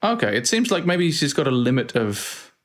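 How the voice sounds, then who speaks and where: A man's voice: medium pitch, very animated, moderate pace, a bit bright. A man hosting a let's play, thinking aloud and reading out game commands with dry asides. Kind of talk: casual gameplay commentary.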